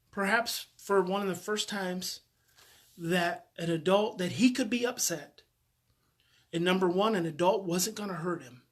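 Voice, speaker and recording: A man's voice: high voice, fairly bright tone. A man, a parenting educator, telling a personal story in a heartfelt way and often repeating his phrases.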